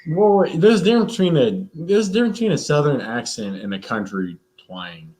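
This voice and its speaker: A man's voice: fairly high pitch, brisk. A young man with a slight country twang, joking around in a casual family chat. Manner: relaxed, joking, lively intonation.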